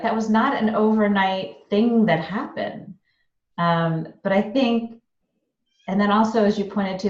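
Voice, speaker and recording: A woman hosting a podcast in casual interview chat, telling stories animatedly and acting out quoted dialogue. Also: mid-range voice. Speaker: podcast host. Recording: roomy, distant, dull-sounding mic.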